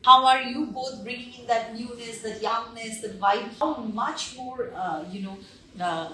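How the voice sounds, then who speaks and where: Woman interviewer, bright tone, halting questions full of fillers, roomy echo, mic set back. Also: a little high, a little hiss or hum. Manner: hesitant, many fillers. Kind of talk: conversational interview. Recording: echoey room, mic at a distance.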